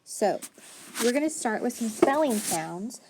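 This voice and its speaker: A woman teacher with a fairly high, lively voice gives a phonics lesson to young pupils at a measured pace, with background noise behind her. Patiently, she asks questions and answers them, praises the children's answers, and spells words out one letter at a time.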